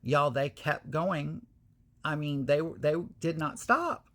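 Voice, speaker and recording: A woman hosting her own channel, telling a candid personal story to viewers in casual, animated talk with frequent swearing. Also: low voice, slow pace. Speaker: channel host.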